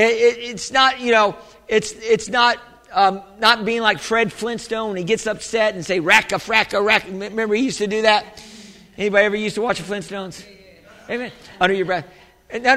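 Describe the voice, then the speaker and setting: A man's voice: high-pitched, bright, forceful tone. A male pastor preaching a sermon to a congregation in a church, talking conversationally with restarts and calling out for amens. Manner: call-and-response preaching, asking for amens. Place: church sanctuary. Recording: echoey hall with long reverb.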